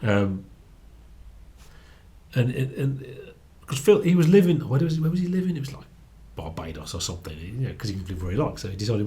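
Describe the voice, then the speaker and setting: A man's voice: medium pitch, big pitch swings, a little fast, dark tone. A man, chatting casually as co-host of a book review, laughing often and repeating words as he thinks. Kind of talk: casual chat.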